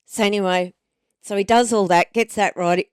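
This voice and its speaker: A woman's voice: mid-range voice, steady tone, normal speed, clear, resonant tone, no room sound, studio quality. A woman co-hosting a podcast, chatting casually and drifting off on tangents while she tells a story. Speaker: podcast co-host. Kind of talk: casual chat. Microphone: studio microphone.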